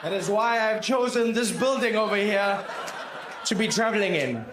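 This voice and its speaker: A man works through a stand-up set, teasing his listeners with quick asides. His voice is fairly high for a man. The sound is echoey, with clear background noise. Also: lively intonation. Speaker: stand-up comedian.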